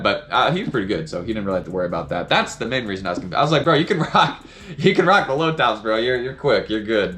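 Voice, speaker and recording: Fast-talking Southern sneaker vlogger. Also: male voice, lowish voice, a bit bright. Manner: rambling, upbeat, lots of fillers like "right?". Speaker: sneaker reviewer. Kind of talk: casual unboxing vlog.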